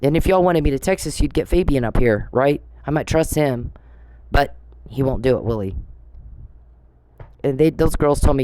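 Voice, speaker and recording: A woman's voice: rumbling low, moderate pace, pauses often, dark tone, no room sound. A middle-aged woman giving an angry monologue to camera, confrontational and sarcastic, swearing and firing off rhetorical questions. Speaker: vlogger.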